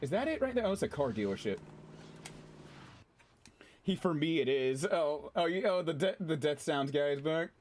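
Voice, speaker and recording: A man streaming a game, chatting casually with his audience in an excitable, chatty way and swearing freely. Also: on the high side, normal speed, long pauses. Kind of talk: casual gameplay commentary.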